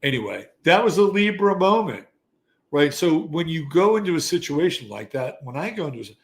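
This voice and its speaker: A man in his sixties, an astrology show host, telling a casual story in an animated, profane, conversational way. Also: a little high, normal speed. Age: 60s. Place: Texas.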